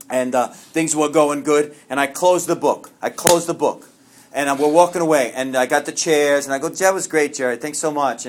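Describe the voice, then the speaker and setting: A man tells his recovery story to a meeting in a voice pitched a little high. He talks with lively swings, jumping to loud exclamations and then dropping to quiet, confiding asides. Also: a little hiss or hum. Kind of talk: sharing a personal story.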